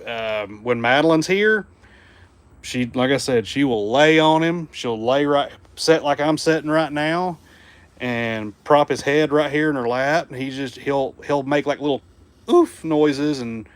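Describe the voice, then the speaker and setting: A man's voice: mid-range voice, unhurried, no room sound. Easygoing Southern man chatting on a livestream. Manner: easygoing, drops to a hushed murmur around his dog. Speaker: livestream host. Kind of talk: casual livestream chat, reading viewer comments. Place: home room indoors.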